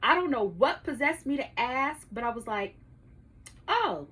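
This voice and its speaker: Speaking at normal speed, this podcast host in her thirties has a fairly high, husky voice with a sharp tone and lively intonation. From her home studio she shares a story with listeners, casual, profane, and frequently laughing.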